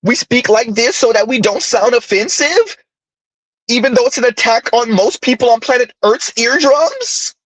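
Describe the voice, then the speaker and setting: A man putting on a prim city woman, pitched high above a man's usual speaking voice, every sentence lilting upward like a question. Her tone is polished and careful, and the voice sits close and dry. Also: expressive, moderate pace, slightly rough, no echo, exaggerated voice, rough recording. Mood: mocking. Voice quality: rising question-like intonation on statements.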